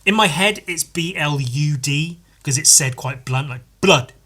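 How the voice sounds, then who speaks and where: A man with a bright, forward voice talks through a casual solo podcast episode. He rambles, stops to correct himself and restarts his sentences. He drops swear words freely into everyday chat. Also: a little high, unhurried. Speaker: podcast host.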